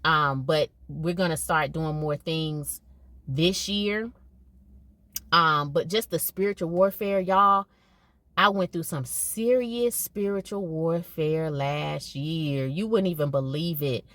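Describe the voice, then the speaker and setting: A woman's voice: low-pitched, slow, a bit bright, no room sound. A middle-aged woman talking casually to her viewers, emphatic and conversational, often repeating herself for emphasis. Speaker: podcast host and educator. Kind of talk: casual monologue.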